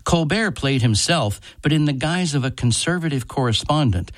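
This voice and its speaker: Measured man narrating a radio program. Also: on the high side, animated, dry recording, clean studio sound. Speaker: TV critic and radio show host. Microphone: studio microphone.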